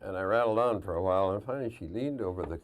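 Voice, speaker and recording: An older man telling lively anecdotes as a guest on a 1999 television interview, often laughing at his own stories. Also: sits low, rapid-fire, slight background noise. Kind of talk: casual storytelling.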